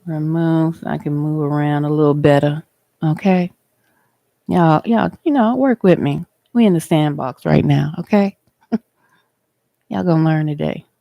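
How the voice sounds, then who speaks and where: Woman, livestream host, unhurried delivery, dry close sound, preachy and chatty. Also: low-pitched, gravelly, no echo, highs cut off. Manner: chatty, preachy, addresses viewers directly. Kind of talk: casual livestream chat and teaching. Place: outdoors.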